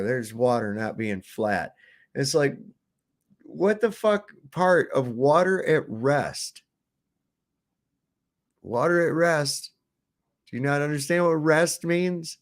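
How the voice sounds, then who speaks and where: A man's voice: mid-range voice, creaky. A man hosting a casual livestream, talking in a profane, mocking and exasperated way. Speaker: livestream host.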